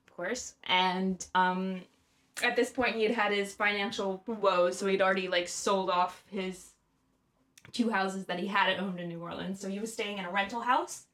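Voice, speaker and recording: A young woman recounts a story on a casual podcast, chatty and loose. Her talk is full of "like" and "um", and she laughs easily. Her pitch sits in a middle range. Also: fairly even intonation, normal speed, a bit bright. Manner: chatty, lots of "like" and "um", laughs often. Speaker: podcast host.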